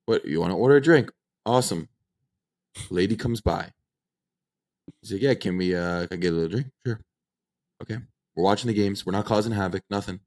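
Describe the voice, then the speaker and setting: A young man in his mid-twenties with a very low, deep voice tells a story on a casual podcast. He acts out the dialogue as he goes, and the story runs long. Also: brisk, pauses often. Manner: animated anecdote-telling, acts out quoted dialogue. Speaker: podcast co-host.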